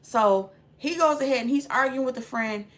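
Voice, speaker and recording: A woman's voice: high voice, normal speed. A woman giving a casual, slangy movie recap, retelling the plot with lots of filler and acting out scenes as she goes. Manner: lively storyteller acting out scenes. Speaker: movie reviewer.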